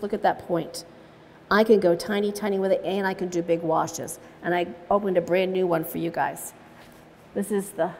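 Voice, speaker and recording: A woman teaching watercolor in a live demonstration, chatting through each step as she paints and laughing easily as she tells stories. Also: medium pitch. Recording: long reverb in a large room.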